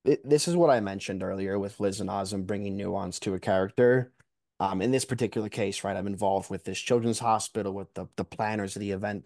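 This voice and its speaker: Young man, podcast guest, low voice, relaxed, self-deprecating, dry. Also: gravelly, dry recording. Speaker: guest, mock trial competitor. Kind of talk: casual podcast chat.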